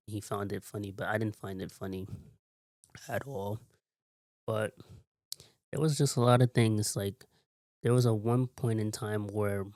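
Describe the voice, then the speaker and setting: A man telling a long, rambling story in a casual vlog, repeating himself and filling pauses with "like". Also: fairly low pitch, a little mellow, dry recording, clean studio sound. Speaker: vlogger.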